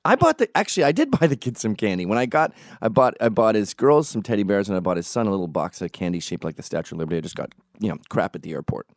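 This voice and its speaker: A man's voice: deep voice, fast talker, few pauses, darkish tone, no echo, studio quality. A man hosting a podcast, telling comic stories in a profane, ranting way. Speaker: podcast host. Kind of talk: casual comic storytelling.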